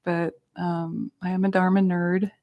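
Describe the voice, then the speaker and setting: A woman's voice: fairly low pitch, flat delivery, unhurried, highs cut off. A woman teaching a meditation class, patiently explaining terms in a casual way and adding self-aware asides to the group.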